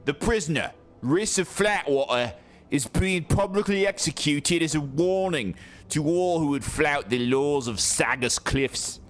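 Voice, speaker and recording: A man's voice: fairly high pitch, expressive, unhurried, pitched above the performer's own voice. A man voicing a stout, middle-aged male city official in a game, pompous and officious, with a put-on accent.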